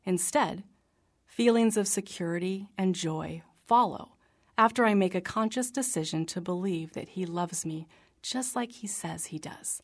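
A woman reading her personal faith memoir aloud in an earnest, reflective manner, sometimes dropping to a soft whisper. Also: fairly low pitch, measured pace. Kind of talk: scripted narration.

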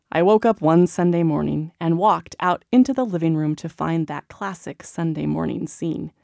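Gravelly low-voiced woman reading an article. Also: no room sound, clean studio sound. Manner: expressive storytelling reading. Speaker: narrator. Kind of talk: scripted narration of a magazine article.

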